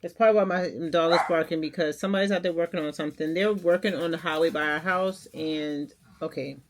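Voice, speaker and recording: A woman's voice: low-pitched, quick pace. Woman vlogger, 40s, bubbly and talkative, home recording with faint noise. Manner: chatty, excitable, addresses viewers as y'all. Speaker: lifestyle vlogger. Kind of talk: casual chat to camera. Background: dog barking.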